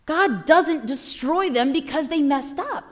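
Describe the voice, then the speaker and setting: Woman preacher, sermon, animated storytelling, slightly high voice. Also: unhurried.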